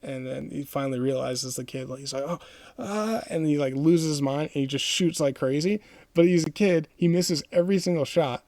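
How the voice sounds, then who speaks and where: A man's voice: fairly high pitch, fairly even intonation, brisk, darkish tone, dry recording. A male podcast host retelling a comic book plot in a loose, rambling way, with many fillers. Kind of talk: casual plot recap.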